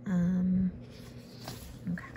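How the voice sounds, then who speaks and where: A woman reading a picture book aloud for the first time, adding relaxed, casual asides. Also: lowish voice, extremely slow, lo-fi sound, a little hiss or hum. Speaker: storybook reader.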